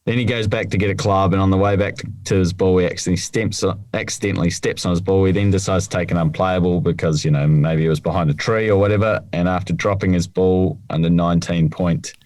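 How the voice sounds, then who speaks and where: Deep-voiced rambling man on a podcast. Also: fairly even intonation, fast, hardly any pauses, darkish tone, dry recording. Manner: rambling, hesitant, trails off mid-thought. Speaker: podcast co-host. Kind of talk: casual podcast chat.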